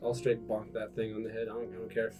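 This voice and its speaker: A young man in casual comedic podcast chat, rambling with restarts and acting out quoted people in high voices. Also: monotone, quick pace, dark tone, distant mic, faint music behind. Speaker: podcast co-host.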